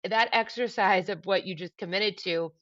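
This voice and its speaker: A woman's voice: medium pitch, normal speed, a bit bright. A woman co-hosting a podcast, reflecting aloud and asking probing questions. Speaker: podcast co-host. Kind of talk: casual chat. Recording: dull lo-fi sound.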